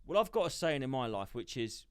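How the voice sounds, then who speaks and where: A man's voice: medium pitch, very animated, fairly quick, clean tone. A man co-hosting a comedy podcast, ranting in a sweary, conspiratorial way in casual chat recorded in a podcast studio. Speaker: podcast co-host.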